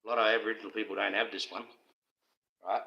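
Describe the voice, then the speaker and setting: A man's voice: fairly low pitch, flat delivery, fast, dull audio. A middle-aged Australian man talking on his own livestream, rambling in an aggrieved, conspiratorial way and speaking straight to his viewers. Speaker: livestream host.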